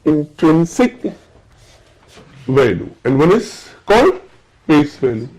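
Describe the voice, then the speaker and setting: A man with an Indian accent lectures a class, his voice pitched a little high. He keeps stopping to check that the students understand. The lecture is recorded in a classroom. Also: very animated, takes it slowly, a little mellow, low-quality recording. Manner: checks understanding with repeated questions. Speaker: teacher.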